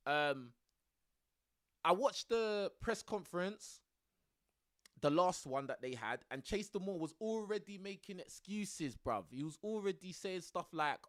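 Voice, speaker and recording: A man's voice: fairly high pitch, sing-song, measured pace, a bit bright, dry recording, clean studio sound. A young man chatting casually to his live stream audience, tossing in bruv and bro.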